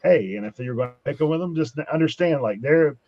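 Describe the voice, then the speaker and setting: A man appears as a guest on a casual podcast chat, talking earnestly and padding his thoughts with fillers. The sound is dull and lo-fi, and his voice is dry and mid-pitched. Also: animated, fairly quick, no room sound. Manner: earnest, filler-heavy advice. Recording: dull lo-fi audio.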